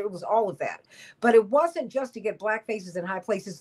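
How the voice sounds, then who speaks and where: A woman's voice: mid-range voice, animated, normal speed, husky. A middle-aged woman hosting political talk radio, emphatic, repeating points for stress and laughing often. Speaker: radio talk show host.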